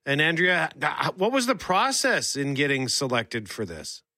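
Man, radio host, bright forceful voice, upbeat intros. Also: on the high side, sing-song, a little slow, no room sound, clean studio sound. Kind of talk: radio interview.

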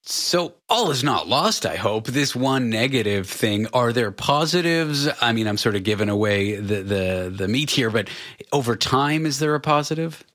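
A man's voice: mid-range voice, lively intonation, moderate pace, hardly any pauses, a bit bright. Man hosting an interview. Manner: curious, lightly sarcastic questioning. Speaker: host. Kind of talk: conversational interview.

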